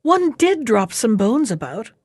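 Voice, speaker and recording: A gentle fairy-tale maiden speaks in a soft, hushed voice, careful and clever under her fear, played by a woman reading aloud. Her delivery is slow and close to the mic. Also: a little high, big pitch swings, dry recording. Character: gentle young maiden, frightened but clever.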